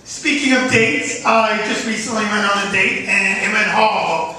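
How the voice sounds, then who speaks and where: A man doing a stand-up comedy set on a club stage, with an unusual high, thin voice and crude, self-mocking jokes. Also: moderate pace, bright, forceful tone. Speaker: stand-up comic. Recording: echoey club from far off, faint hiss.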